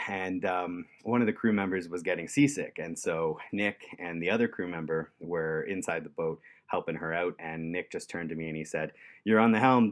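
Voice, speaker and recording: A man telling a story in a relaxed, chuckling way, with lots of fillers. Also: low-pitched. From Canada. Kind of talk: casual storytelling.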